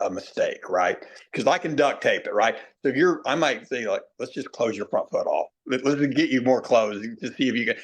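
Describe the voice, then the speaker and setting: A middle-aged man, a baseball hitting coach, talking in a podcast interview. He tells folksy stories, acts out quoted players and slows down to stress key points. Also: mid-range voice. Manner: plainspoken, repeats himself, drawn-out emphasis.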